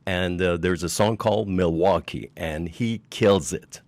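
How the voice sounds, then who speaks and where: An older man hosting a radio interview, rambling with pauses and gushing with praise. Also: low voice, darkish tone, no echo. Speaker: radio show host.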